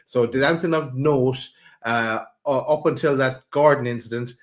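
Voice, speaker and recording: A man's voice: mid-range voice, normal speed. A man hosting a football fan discussion, steering topics with hesitant, stumbling restarts. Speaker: podcast host.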